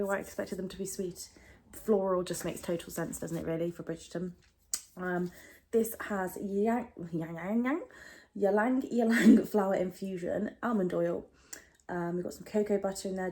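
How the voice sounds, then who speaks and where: A young British beauty vlogger with a warm, mid-range voice chats casually through a product unboxing, rambling with plenty of fillers and asides. A little hiss or hum sits under the recording.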